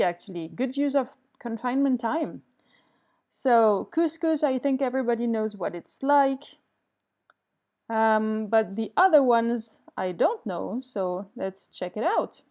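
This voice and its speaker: A woman runs an online English lesson, reading students' answers and responding with gentle encouragement. Her voice sits fairly high yet sounds mellow and warm. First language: French. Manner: reads student answers aloud and comments kindly; switches to French to correct mistakes. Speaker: English teacher.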